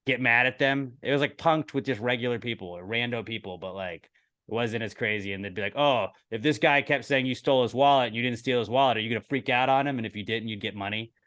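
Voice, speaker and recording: A man co-hosts a casual podcast, rattling off a story at a quick clip. He rambles, restarts his sentences, swears freely, and slips into the voices of people he quotes. His pitch sits in an ordinary middle range. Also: fairly bright tone. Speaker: podcast co-host.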